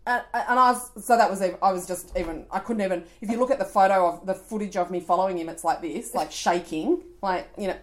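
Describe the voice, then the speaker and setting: A woman's voice: medium pitch, quick pace, few pauses. A woman in her forties with an Australian accent, co-hosting a podcast and telling a story in casual chat. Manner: animated storytelling, laughing, acting out voices. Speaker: podcast co-host.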